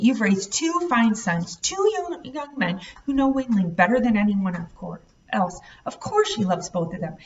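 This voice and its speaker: A measured, soft-spoken grandmother from a storybook, as a woman reads her aloud. She reasons calmly but will not back down. The recording is dull and a little distant from the mic. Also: medium pitch, natural voice. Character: older grandmother, gentle but firm. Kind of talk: audiobook read-aloud.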